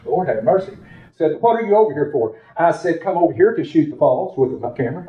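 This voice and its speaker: Male pastor, sermon, folksy storyteller turning fervent, fairly high voice, muffled lo-fi sound. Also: expressive, fairly quick. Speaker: preacher. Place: church sanctuary. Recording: roomy, dull lo-fi church recording.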